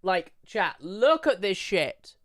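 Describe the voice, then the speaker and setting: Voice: mid-range voice, sing-song, slow pace, no room sound, clean studio sound. A livestreamer chatting casually at a home desk, rambling with lots of fillers and casual swearing. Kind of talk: casual live-stream chat.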